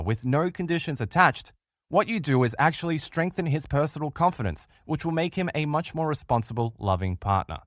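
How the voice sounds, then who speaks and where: A man gives a recorded relationship lesson in an animated voice, with his pitch rising and falling a lot. He acts out the quoted voices of other people. The sound is dry and close. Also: brisk, no room sound. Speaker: relationship course instructor.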